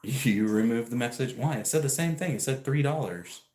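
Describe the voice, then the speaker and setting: A man's voice: medium pitch, moderate pace, darkish tone. Rambling, chatty man streaming from an echoey room. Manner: rambling and chatty, laughs often, talks back to chat. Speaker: live streamer. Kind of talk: casual livestream chat, reading viewer messages.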